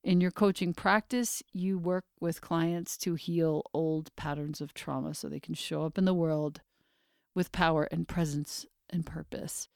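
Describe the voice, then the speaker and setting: A woman hosting a podcast introduces her guest, her voice sitting fairly low with a gravelly fry running through it. She speaks earnestly, laying out praise one item after another. The recording is dry, with no room sound. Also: fairly even intonation, measured pace, a little mellow, dry recording. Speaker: podcast host.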